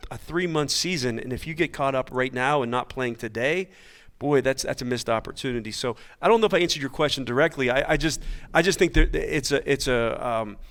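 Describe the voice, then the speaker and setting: A man coaching baseball, talking on a coaches' panel in a halting, searching way, often repeating words. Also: mid-range voice, a bit bright. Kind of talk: casual panel chat.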